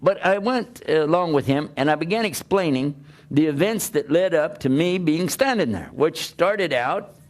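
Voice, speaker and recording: An older man preaching through a personal story, animated, laughing and acting out the dialogue. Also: fairly high pitch, moderate pace. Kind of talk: storytelling talk.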